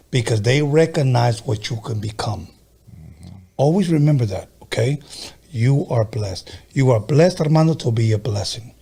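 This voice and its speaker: A man's voice: mid-range voice, a little slow, vocal fry, warm tone, slightly rough. A man hosting a podcast who gives an emphatic, preachy pep talk, repeating his key phrases. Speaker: podcast host. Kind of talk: casual interview, encouraging talk.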